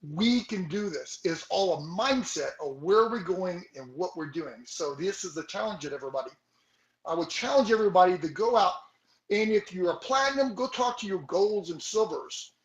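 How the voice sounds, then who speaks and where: A man giving an energetic motivational talk as a sales team leader, exhorting his listeners with rhetorical questions. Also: high-pitched, moderate pace, echoey room, lo-fi sound.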